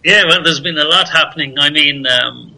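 A man's voice: on the high side, normal speed, vocal fry, bright, forceful tone, poor audio. A man speaking as a guest over a video call, easygoing and laughing as he explains. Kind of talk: casual interview chat. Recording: faint background noise.

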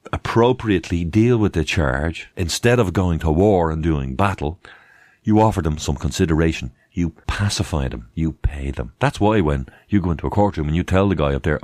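A man's voice: low-pitched, expressive, moderate pace, a little mellow, dry recording, studio quality. A man hosting a live stream, chatting casually, asking rhetorical questions and thanking viewers by name. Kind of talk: casual live-stream talk reading chat.

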